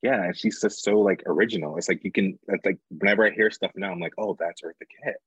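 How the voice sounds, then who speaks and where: Young male guest, writer-actor type; low, husky, casual and talkative. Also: fairly even intonation, fast, a bit bright, no room sound, poor audio. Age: young adult. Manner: chatty, fills talk with "like". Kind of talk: casual conversation.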